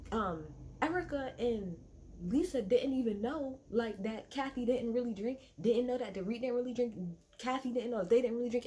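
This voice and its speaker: A woman's voice: a little high, warm tone, slight background noise. A woman recapping a reality TV episode in casual chat, rambling and swearing freely with plenty of fillers, talking at home at night.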